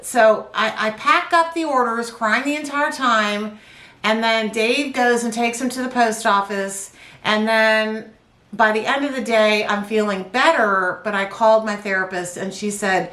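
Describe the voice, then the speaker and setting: A woman knitting vlogger telling a rambling, animated story in casual chat on a couch. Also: a little high, unhurried, roomy sound. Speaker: knitting vlogger, yarn dyer. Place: indoors, on a couch.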